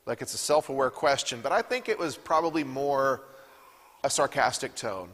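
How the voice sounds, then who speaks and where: A man's voice: mid-range voice, lively intonation, moderate pace, fairly bright tone, in a large hall. Man teaching a Bible class. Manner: reads scripture aloud and asks the class questions. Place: church classroom.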